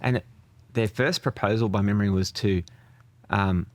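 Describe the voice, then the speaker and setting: An Australian man from Australia, a guest in a casual interview, telling stories at a relaxed pace with hesitations. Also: on the low side, moderate pace, no room sound.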